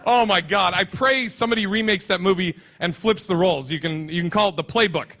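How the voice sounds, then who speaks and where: A man's voice: high voice, brisk, bright, forceful tone. A man performing a stand-up comedy set on a convention stage, with a brash, crude and punchy delivery.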